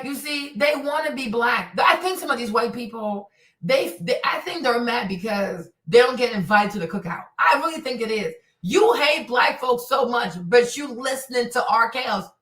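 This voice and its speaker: A woman hosting her own stream, telling stories and ranting bluntly in casual, profane, animated commentary. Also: high-pitched, distant mic. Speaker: streamer host. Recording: echoey room, voice a bit off-mic.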